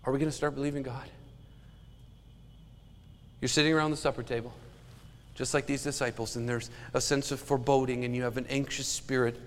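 A man's voice: medium pitch, in a large hall, a little hiss or hum. A man preaching a sermon as a pastor, earnest and emphatic.

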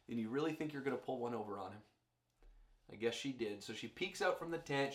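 A man's voice: mid-range voice, a little fast, echoey room. A male pastor preaching a sermon, storytelling and addressing the congregation directly.

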